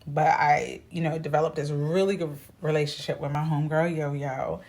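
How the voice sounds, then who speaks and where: A woman vlogger telling a personal story in a chatty, animated way, acting out what people said. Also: low voice, normal speed. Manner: chatty, animated, acts out quoted voices. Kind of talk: casual storytelling to camera.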